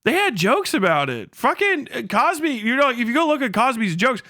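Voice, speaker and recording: A man's voice: extremely high pitch, normal speed. A young man hosting a livestream, talking in a loose, profane rant and laughing often. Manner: profane, excitable, laughs often, slips into mock voices. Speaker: livestream host.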